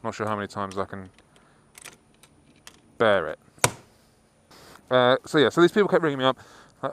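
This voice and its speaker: A man's voice: mid-range voice, lively intonation, brisk, a bit bright, dry recording. A man vlogging from inside a car, casually telling a long story and swearing freely. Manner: swears freely, rambling anecdote.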